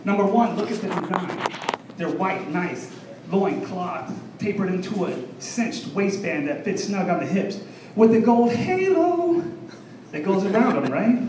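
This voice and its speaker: A man's voice: high-pitched, background noise. Brash stand-up man in echoey room. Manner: brash, crowd-teasing delivery with drawn-out punchlines. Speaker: stand-up comedian. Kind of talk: stand-up set. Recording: echoey room from far off, faint ambience.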